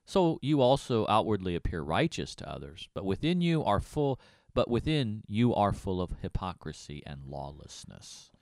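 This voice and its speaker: A man's voice: low voice, big pitch swings, normal speed, vocal fry, few pauses, darkish tone, no room sound, clean studio sound. A man co-hosting a Bible study, reading scripture aloud expressively with emphatic asides.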